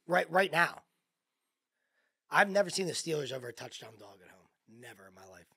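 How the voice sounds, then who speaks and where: Animated husky man ranting about sports. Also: on the high side, normal speed. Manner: agitated, exclaiming questions. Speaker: co-host. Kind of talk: sports talk chat.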